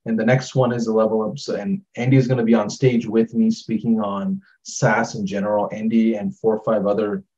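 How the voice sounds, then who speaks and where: A man's voice: lowish voice, level tone, brisk, few pauses, mellow, highs cut off. A man co-hosting an online workshop, talking in a casual, upbeat way and often saying "like". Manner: casual, upbeat, says "like" a lot. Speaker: workshop co-host. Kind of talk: webinar chat.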